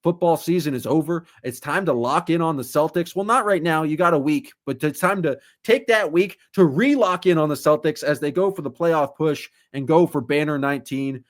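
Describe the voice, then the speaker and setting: An animated man co-hosting a podcast, riffing through comic rants in easy chat. His voice sits a little high for a man and stays lively from one joke to the next. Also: moderate pace, few pauses. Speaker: podcast co-host.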